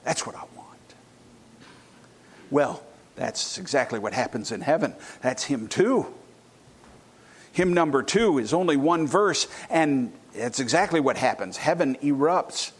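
A man preaching a sermon, swinging between loud exclamations and hushed, near-whispered reflection. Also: mid-range voice, expressive, a little slow, long pauses, breathy edge. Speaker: pastor.

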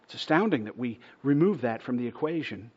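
A man preaching a sermon in an earnest style, building to loud, emphatic stretches and dropping to a hush on key words. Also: mid-range voice, animated, brisk, lo-fi sound. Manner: earnest preaching, swells louder to a near-shout at points, drops to a hush on key words. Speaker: pastor.

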